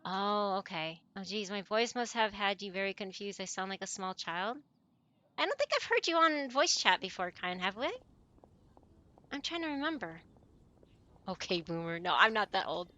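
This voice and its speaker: A woman's voice: mid-range voice, lively intonation, pushed and bright. A woman streamer in casual voice chat with friends, chatty and apologetic, with a chirpy voice. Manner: chatty, apologetic, quick laughs.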